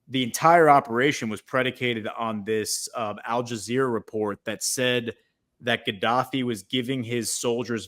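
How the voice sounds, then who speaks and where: A man's voice: mid-range voice, a bit bright. A man talking on a political livestream as a guest commentator, rambling with frequent restarts and fillers.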